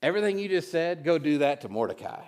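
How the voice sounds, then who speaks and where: A man's voice: a little high, very animated, fast, a little mellow, smooth. A man voicing a sleepless ancient king in a sermon retelling, puzzled and commanding.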